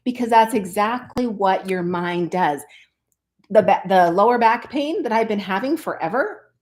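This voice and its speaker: An earnest woman in a casual motivational vlog, speaking at a middling pitch. She talks straight to her viewers in a chatty, heartfelt way. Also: lively intonation, moderate pace, a little mellow. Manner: earnest and chatty, often addressing viewers as "you guys". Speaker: online business coach.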